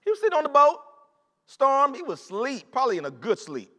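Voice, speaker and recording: A male preacher with a very high, bright, forceful voice delivers a lively sermon, talking straight to the congregation and hammering his points through repetition. His voice rings out with a long reverb off the walls of a big church sanctuary. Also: a little fast. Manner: animated, conversational preaching with repetition and call-outs to the congregation. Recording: long reverb of a large hall.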